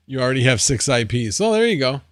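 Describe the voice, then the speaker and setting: A man's voice: medium pitch, dry recording, studio quality. A man hosting a casual livestream from home, rambling and thinking aloud as he answers viewers' chat. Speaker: livestream host.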